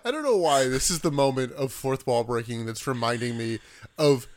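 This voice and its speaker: A man's voice: mid-range voice, expressive, normal speed, no echo. A young man co-hosting a podcast, recapping in casual chat with dry jokes. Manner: dry jokey recap narration. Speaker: podcast co-host.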